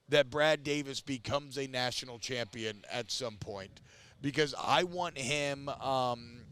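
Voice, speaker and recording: A man's voice: mid-range voice, a bit bright, clean tone. A man in his thirties co-hosting a casual sports talk show, emphatic and opinionated, speeding up in bursts and stretching his stressed words.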